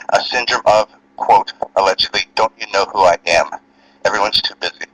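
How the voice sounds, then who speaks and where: A man's voice: on the low side, a bit bright, a little hiss or hum. A man from New Jersey with a Southern US accent, pleading and indignant as he talks on a phone call. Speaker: caller.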